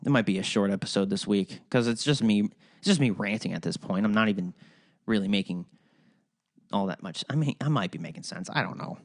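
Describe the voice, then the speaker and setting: Casting note: male podcast host, lively pitch, swearing rants, trips over words. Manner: animated, profane, rambling ranting with frequent restarts. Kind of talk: solo podcast rant.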